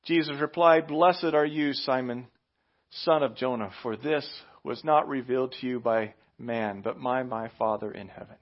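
A man preaching a sermon as pastor, emphatic and animated, with sudden loud outbursts and slow, drawn-out phrases. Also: medium pitch, highs cut off.

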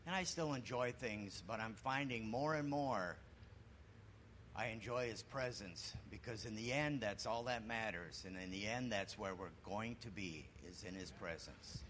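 Middle-aged man, congregation member, calm reflective testimony, faint room noise. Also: on the low side. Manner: reflective, unhurried. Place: church sanctuary.

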